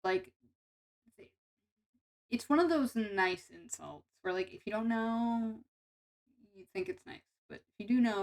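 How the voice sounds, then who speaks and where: A woman's voice: on the high side, very animated, a little slow, pauses often, rough recording. A young woman VTuber chatting casually with her stream viewers, playful and self-mocking, tripping over her words.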